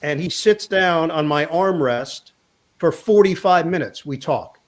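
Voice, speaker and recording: A man with a slightly raised pitch tells a story in a chatty interview. He keeps it lively, slipping into the voices of the people he quotes. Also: a little slow. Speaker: sportscaster guest. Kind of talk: storytelling anecdote in a chat.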